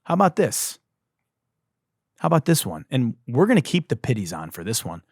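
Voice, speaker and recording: Man, satirical news rant, hoarse from yelling, swearing, very animated pitch, dry close sound. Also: moderate pace, dry recording. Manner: swings from loud yelling to low mutters, swears. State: losing his voice. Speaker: comedy news host. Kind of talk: ranting satirical commentary.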